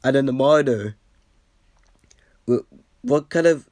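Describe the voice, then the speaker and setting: A man's voice: mid-range voice, measured pace, a little mellow, no room sound, studio quality. A slightly sick man giving casual commentary as he reacts to his own old video, rambling with lots of fillers and restarts and poking fun at himself. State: a bit sick.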